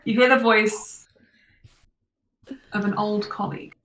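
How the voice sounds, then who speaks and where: A woman game master narrating a tabletop game in a measured, descriptive way. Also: mid-range voice, level tone, fairly bright tone, reverberant, distant mic, poor audio.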